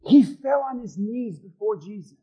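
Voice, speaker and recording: A man preaching as pastor in a church, swinging between shouted peaks and hushed low passages, acting out the voices of the people he talks about. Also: expressive, normal speed, husky, poor audio. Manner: acts out voices of doubters and accusers. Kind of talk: sermon.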